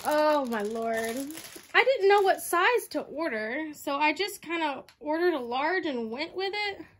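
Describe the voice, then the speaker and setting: A young woman vlogger unboxing merch, bubbly and excitable, often laughing and repeating exclamations. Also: high voice, unhurried, slight background noise. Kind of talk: unboxing vlog, casual chat.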